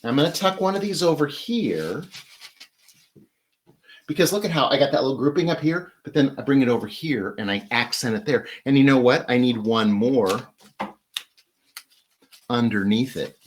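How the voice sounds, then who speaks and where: A man's voice: mid-range voice, animated, normal speed, long pauses, slight background noise. A man hosting a live flower-arranging demonstration, chatty and enthusiastic as he talks while working with his hands. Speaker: florist host.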